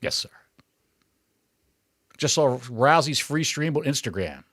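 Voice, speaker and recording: A man's voice: mid-range voice, takes it slowly, no echo, studio quality. A man co-hosting a podcast in casual chat, crude and sarcastic as he riffs. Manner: crude, sarcastic, animated riffing. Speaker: podcast co-host.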